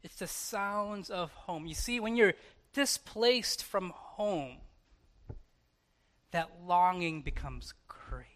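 A man in his thirties with an American accent, preaching a sermon in church in a conversational way, with dramatic pauses and soft asides. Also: sits high. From United States. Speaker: pastor.

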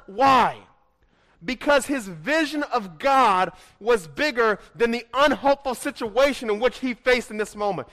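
A man preaching a sermon, moving between hushed, quiet passages and emphatic, rising declarations, and reading scripture aloud dramatically. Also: extremely high pitch, animated, moderate pace. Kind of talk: expository sermon.

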